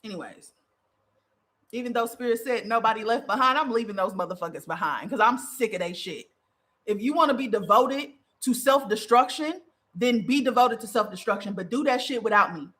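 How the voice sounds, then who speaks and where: Woman, podcast host, spiritual monologue, fiery, profane, repetitive emphasis, somewhat high pitch. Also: expressive, fairly quick, a bit bright. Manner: fiery, profane and preachy, with repeated emphatic phrases.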